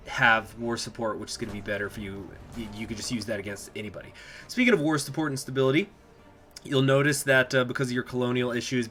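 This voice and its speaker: A man giving a casual gameplay walkthrough as a strategy game guide host, explaining as he goes and pausing often to think aloud. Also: on the low side, sharp tone, a little hiss or hum. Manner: chatty, explanatory, thinks aloud with many filler pauses.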